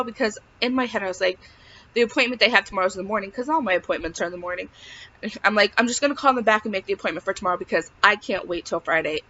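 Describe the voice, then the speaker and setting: A woman's voice: medium pitch, fast, sharp tone. A young woman telling a personal story in a casual vlog, rambling with lots of fillers. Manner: rambling, filler-heavy, emotional retelling. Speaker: vlogger. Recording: dull lo-fi recording.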